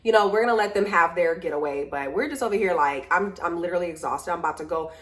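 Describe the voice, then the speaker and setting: Tired woman venting to camera. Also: on the low side. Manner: animated storytelling, venting, drawn-out complaints. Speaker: vlogger. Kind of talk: casual chat to camera.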